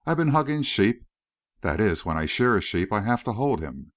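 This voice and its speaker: A man reading the part of a big, earnest, warm-hearted young rancher in an audiobook. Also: on the low side, big pitch swings, moderate pace, dry recording, studio quality.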